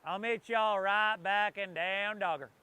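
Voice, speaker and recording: A man's voice: high voice, steady tone, measured pace, bright, forceful tone, clear, resonant tone. A man leading a guided yoga class outdoors, calling breath cues with playful joking asides. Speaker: yoga instructor. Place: outdoors by the ocean.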